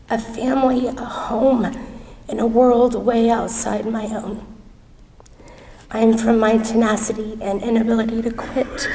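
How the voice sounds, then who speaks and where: A woman's voice: on the high side, creaky, warm tone, slight background noise. A woman reading a spoken-word poem in an earnest way. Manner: slow, earnest delivery. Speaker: student poet. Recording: distant mic in a reverberant hall.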